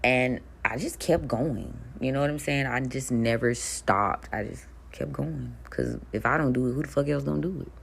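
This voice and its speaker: Very low-voiced blunt woman. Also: moderate pace, vocal fry, hardly any pauses, breathy edge. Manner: blunt, profane, laughs between lines. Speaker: spiritual content creator. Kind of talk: casual storytelling monologue.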